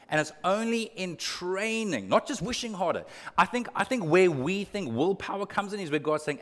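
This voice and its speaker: A man's voice: sits high, lively intonation, moderate pace, big-room sound. A male pastor preaching a sermon in an earnest way, repeating words for emphasis and adding humorous asides. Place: church auditorium.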